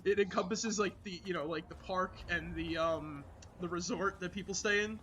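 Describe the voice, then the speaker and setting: A man streaming a game, chatting casually with friends and rambling excitedly with many restarts. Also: high-pitched, moderate pace, a little hiss or hum. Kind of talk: casual gaming chat.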